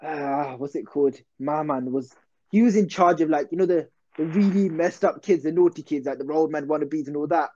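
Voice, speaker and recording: A young man tells a story in loose, slangy, self-interrupting chat. His voice sits a little high but sounds dark and mellow. The recording is dull and lo-fi. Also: a little fast. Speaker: podcast host.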